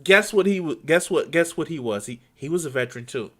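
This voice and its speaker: A man ranting angrily to his viewers, swearing a lot, stumbling over restarts and swinging between quiet and loud. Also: a little high, animated. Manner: profane, halting, many restarts. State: angry and frustrated. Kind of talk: angry unscripted rant.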